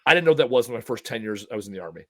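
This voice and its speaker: A man's voice: medium pitch, lively intonation, rapid-fire. A man hosting a podcast, telling loose stories with casual swearing and blunt, joking asides. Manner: rambling storyteller, swears casually. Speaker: podcast host.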